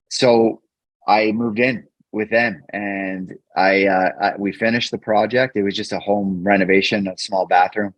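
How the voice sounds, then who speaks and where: A man guest on a podcast, earnestly telling a personal story in a halting way, often repeating words when emotional. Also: lowish voice, no room sound. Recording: dull, dry podcast mic.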